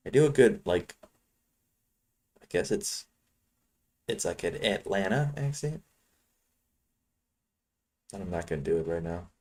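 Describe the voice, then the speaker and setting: A man from Chicago with a low, darkish voice trades futures live, rambling casually to his viewers between trades.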